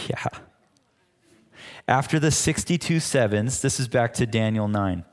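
A man's voice: mid-range voice, measured pace. Male pastor in a reverberant church hall. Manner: conversational teaching with frequent restarts. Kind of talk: sermon.

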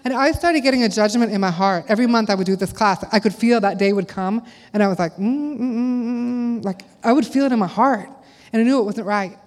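A middle-aged woman delivers a conversational sermon to a church gathering, peppering it with rhetorical questions. Her mid-range voice is quick and somewhat dark in tone. A long hall reverb surrounds the recording.

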